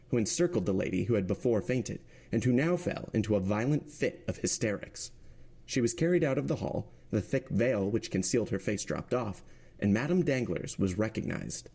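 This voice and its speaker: A man reading a classic novel aloud with measured, dramatic narration. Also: lowish voice, creaky, warm tone, husky. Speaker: podcast reader.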